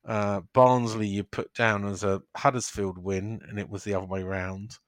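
A man's voice: on the low side, little pitch movement, normal speed, no echo, studio quality. A man hosting a casual football podcast, chatty, running through fixtures and scores. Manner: chatty, reads fixtures and scores, laughs often. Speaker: podcast host.

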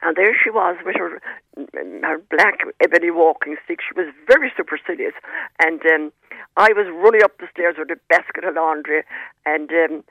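A woman, a guest author telling anecdotes in a lively, animated way over the phone. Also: lowish voice, normal speed, no room sound. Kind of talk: anecdotal storytelling. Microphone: telephone. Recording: tinny phone line.

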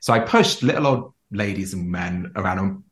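A man from Jersey, a guest on an interview show, telling stories in a camp, animated way and laughing often. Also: deep voice, moderate pace, reverberant. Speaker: podcast guest. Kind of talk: casual storytelling interview.

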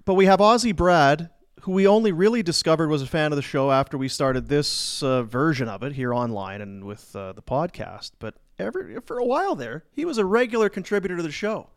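A man's voice: a little high, big pitch swings, brisk, hardly any pauses. A man hosting a casual sports podcast, joking with his co-hosts and reading ad spots. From Canada. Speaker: podcast host.

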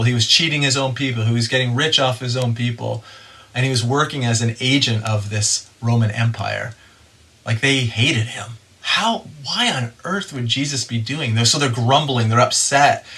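A man's voice: mid-range voice, a bit bright. A man preaching a sermon in a conversational way, retelling a Bible story and acting out the people in it. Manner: conversational, acts out voices of story figures. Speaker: pastor.

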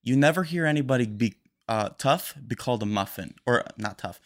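A young man hosting a casual solo podcast, rambling quickly and a little nervous. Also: mid-range voice, animated. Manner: rambling, fast-talking and a bit nervous. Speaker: podcast host.

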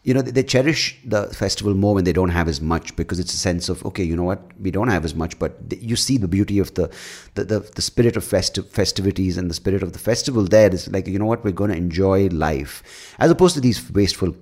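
A man's voice: low-pitched, animated, quick pace, a little mellow. A man hosting a solo podcast, ranting in a blunt, profane, opinionated way, rambling with many fillers and restarts. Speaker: podcast host.

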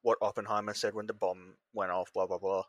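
A man's voice: on the low side, fairly quick, dry recording, rough recording. Young man, podcast co-host, casual chat, irreverent humor, dry close sound. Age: young adult. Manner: joking, irreverent, lively.

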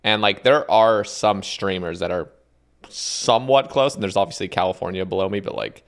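A man's voice: low-pitched, very animated, normal speed, vocal fry. A man hosting a casual podcast, talking in a rambling, hesitant way with restarts and the odd swear. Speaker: podcast host.

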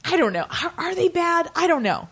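A woman's voice: very high-pitched, very animated, moderate pace, a bit bright. A woman co-hosting a podcast in casual chat, sarcastic and jokey, often laughing. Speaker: podcast co-host.

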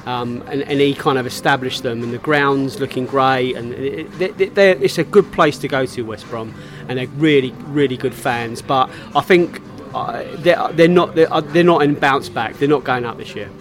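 Casting: London man, football pundit friend, halting chatty delivery, faint music behind. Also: mid-range voice. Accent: London English. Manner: hesitant, repeats and restarts. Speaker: podcast panelist. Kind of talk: casual pub chat about football.

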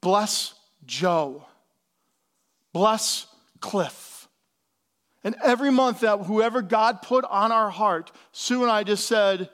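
A man's voice: sits high, slow, a bit bright. A male pastor giving a sermon in a casual, conversational way, with slangy asides.

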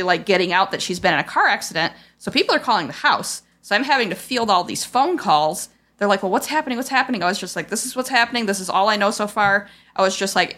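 A woman's voice: medium pitch, a bit bright. A woman hosting a podcast, telling a painful family story in a casual, rambling way, full of "like" and quoted remarks. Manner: rambling, heavy on "like" and "I was like" quotes; raw, frustrated retelling of a painful memory. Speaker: podcast host.

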